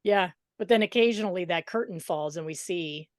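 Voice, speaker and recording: A woman hosts a podcast interview, sympathetic and quick to laugh along. Her voice is on the lower side, and the recording is dry, with no room sound. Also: dry recording. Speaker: podcast host. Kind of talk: interview conversation.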